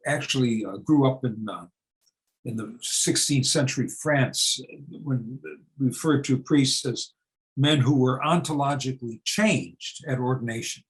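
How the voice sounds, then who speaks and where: A man's voice: mid-range voice, poor audio. A man in his seventies from the United States, talking unscripted to an audience. He speaks in a searching, conversational way, restarting phrases and asking rhetorical questions that he answers himself. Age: 70s. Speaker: speaker on church reform.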